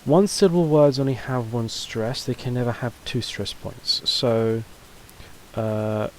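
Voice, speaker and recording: A man's voice: medium pitch, measured pace, a little hiss or hum, rough recording. A man teaching a casual video lesson, talking loosely with fillers and restarts. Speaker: language teacher.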